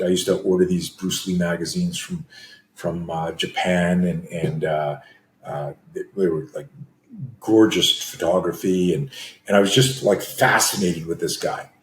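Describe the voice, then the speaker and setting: An unhurried man in his sixties with a low voice and steady tone tells conversational stories as a guest, acting out scenes with screams and gasps. He is a self-defense coach from Canada. The roomy, echoing recording has slight background noise.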